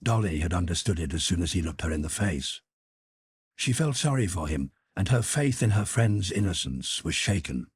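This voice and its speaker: A man reading a classic novel aloud with a very deep, husky voice and lively pitch movement. The recording is dry and close. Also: no echo. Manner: expressive, measured storytelling. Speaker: audiobook narrator. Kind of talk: scripted narration.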